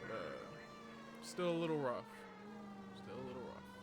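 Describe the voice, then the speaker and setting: A man's voice: medium pitch, wildly swooping pitch, moderate pace, very noisy. A man streaming a video game and chatting casually, joking and laughing often. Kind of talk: casual livestream commentary.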